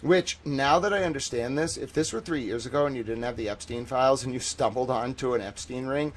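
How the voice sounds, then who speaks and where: Male streamer, mid-pitch voice, rambling and sarcastic, loud bursts then mutters. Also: a little fast, hardly any pauses. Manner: rambling, digressive, swings between loud outbursts and muttered asides; profane, sarcastic. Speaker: livestream host. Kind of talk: casual livestream commentary.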